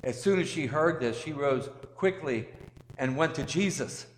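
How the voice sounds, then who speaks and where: Man, priest, slightly high voice, deliberate sermon delivery, roomy church echo. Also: expressive, a little hiss or hum. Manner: slow, deliberate delivery with emphatic rises. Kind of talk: gospel reading and sermon. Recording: echoey church hall, long reverb.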